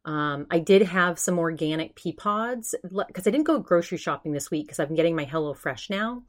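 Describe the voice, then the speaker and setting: A young woman hosting a podcast, telling a story in casual chat with animated quoted asides. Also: on the low side, fairly quick. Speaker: podcast host.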